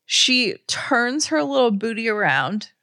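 A woman's voice: a little high, sing-song, slow pace, sharp tone, smooth. A woman in her thirties co-hosting a podcast, telling a heartfelt story in a gushing, emotional way. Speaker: podcast co-host. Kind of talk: casual chat.

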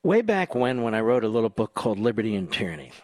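On his talk radio show, a man delivers a sarcastic, combative monologue, veering from loud outbursts to quiet asides. He talks fast and is very animated, and there's no room sound.

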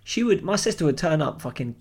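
A young man, a podcast co-host telling animated, sweary anecdotes and acting out the people in them. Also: a little high, a little fast, slightly rough. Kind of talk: casual storytelling chat.

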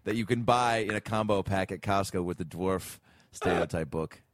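A man's voice: deep voice, normal speed, dry recording, clean studio sound. A man co-hosting a podcast in casual, teasing chat. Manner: joking, teasing, animated.

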